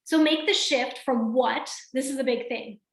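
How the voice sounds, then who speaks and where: A high-pitched woman coaches her team over a video call, bright and energetic, checking in with her listeners as she goes. Her voice carries a noticeable echo from the room around her. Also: normal speed. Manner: energetic, addresses listeners directly with frequent "right?". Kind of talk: motivational team training call.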